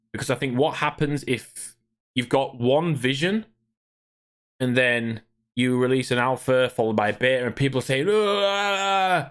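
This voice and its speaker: A man ranting angrily and swearing while streaming, talking to his chat. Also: mid-range voice. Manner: profane, ranting, irritated. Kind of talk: angry gaming rant on livestream.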